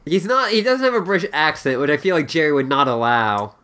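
A podcast co-host with a lively, bright voice talks casually about a cartoon, cracking jokes as they go. The pitch moves a lot from line to line. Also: a little fast, clean tone. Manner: joking, animated. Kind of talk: casual chat.

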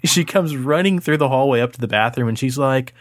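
A man in his thirties, co-hosting a podcast, telling a crude story in a lively, laughing way. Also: medium pitch, brisk, no room sound, clean studio sound. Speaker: podcast host. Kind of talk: casual storytelling chat.

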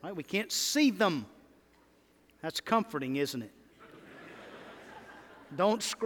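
A man preaching a sermon as pastor, animated and calling out to his congregation. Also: high voice, takes it slowly, long pauses, a little hiss or hum. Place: church sanctuary. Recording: long hall reverb.

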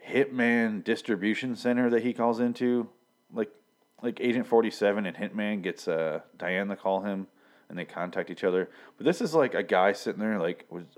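Deep-voiced man rambling through a TV recap. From Michigan. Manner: rambling, profane, many fillers, quoting scenes. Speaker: TV episode reviewer. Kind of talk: casual recap and commentary.

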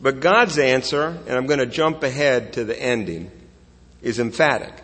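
Husky-voiced man preaching in a reverberant sanctuary. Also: medium pitch, moderate pace, fairly bright tone. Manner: earnest, conversational preaching with restarts and rhetorical questions. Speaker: pastor. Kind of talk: sermon. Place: church sanctuary. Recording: long reverb of a church hall.

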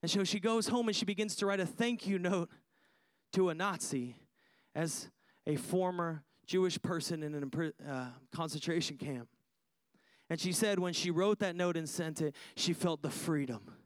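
A man's voice: fairly high pitch, normal speed, dry recording. A man preaching a sermon, emphatic, repeating phrases for effect and putting questions to his listeners. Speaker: pastor.

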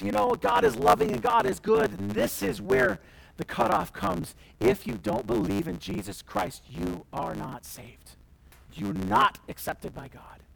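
A male pastor preaching to his church, his voice sitting high for a man and leaping up and down with lively swings of pitch. A strong gravelly fry runs through his words as he moves from loud declarations to near-whispered asides, stopping now and then to act out the voices he quotes. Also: rough recording. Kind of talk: sermon.

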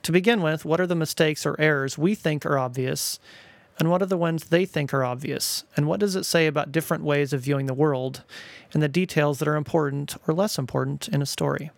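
A middle-aged man reading his own family stories aloud in a wry, gently playful way, recorded close to the mic. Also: on the high side, a little fast, creaky, dry recording. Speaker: storyteller, father.

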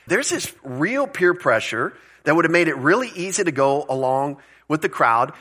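A man's voice: medium pitch, pushed and bright. A male pastor giving a conversational sermon, explaining word meanings and asking rhetorical questions, with the odd chuckle.

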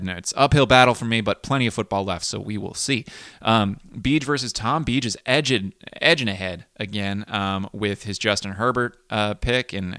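This fantasy football league podcast host has a fairly low, slightly bright, smooth voice, captured dry at studio quality. His casual solo recap wanders chattily, peppered with ums and restarts where he corrects himself.

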